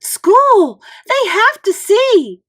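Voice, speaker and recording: A woman voicing an excited, bossy fourth-grade girl with a squeaky voice in a storybook read-aloud. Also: slow, exaggerated voice. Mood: thrilled. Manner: eager, insistent, shrill bursts.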